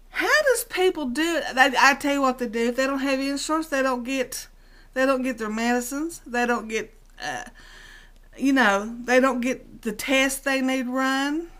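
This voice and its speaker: A woman's voice: sits high, sharp tone. A middle-aged woman rants casually to her vlog camera, exasperated and rambling, repeating herself for emphasis. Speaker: vlogger.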